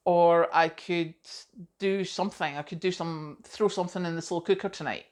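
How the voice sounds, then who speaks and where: A middle-aged woman talking straight to camera in a relaxed vlog. Her voice sits a little low for a woman, and she chats in a self-deprecating way, with plenty of asides. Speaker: vlogger. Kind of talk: casual chat to camera.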